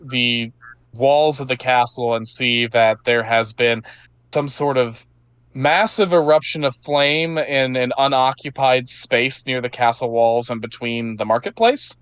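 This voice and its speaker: A man's voice: medium pitch, fairly even intonation, unhurried, fairly bright tone, clear, resonant tone, no echo. A man narrating as game master of a tabletop game, loose and casual, with frequent fillers.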